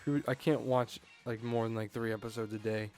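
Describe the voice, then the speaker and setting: A man's voice: fairly low pitch, steady tone, brisk, darkish tone, soft background music. Laconic man with short reactions. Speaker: let's play co-host. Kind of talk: casual chat.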